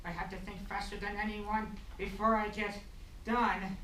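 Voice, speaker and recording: A woman's voice: mid-range voice, little pitch movement, normal speed, fairly bright tone, slight background noise, close to an everyday voice. A woman playing a wisecracking clever boy in a stage skit. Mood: cheeky. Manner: wisecracking and plain. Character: clever, cheeky young boy. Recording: echoey room from far off.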